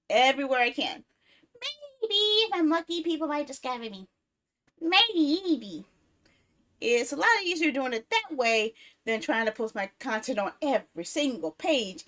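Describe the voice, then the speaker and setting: Animated woman streamer rambling to herself. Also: on the high side. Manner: rambling, talks to herself while fiddling with apps; easily exasperated, swears. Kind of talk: casual live-stream chat.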